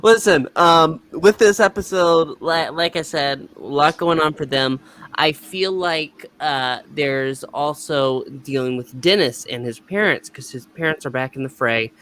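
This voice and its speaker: Male host, slightly high voice, rambling casual reviewer. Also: unhurried, a bit bright. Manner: rambling, many fillers.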